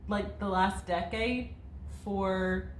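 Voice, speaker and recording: Speaking very slowly in a steady, medium-pitched voice, this twenty-something woman co-hosts a laid-back chat and reads viewer questions aloud. She rambles, laughs a lot, and fills her speech with fillers. The recording is reverberant, with a little hiss or hum.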